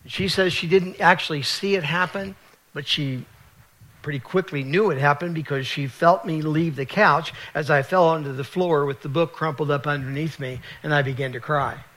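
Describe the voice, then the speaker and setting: A man's voice: fairly high pitch, moderate pace, fairly bright tone. A man from West Virginia telling his personal faith testimony in an earnest, confessional storytelling manner. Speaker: speaker sharing his testimony.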